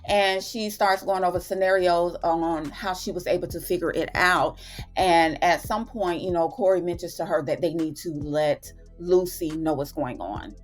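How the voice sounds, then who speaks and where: A woman with a fairly low-pitched voice hosts her own channel, chatting through a television recap. She retells scenes with relish and drops slangy asides along the way. Soft music sits faintly underneath. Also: normal speed. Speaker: TV and film review channel host. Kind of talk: casual episode recap.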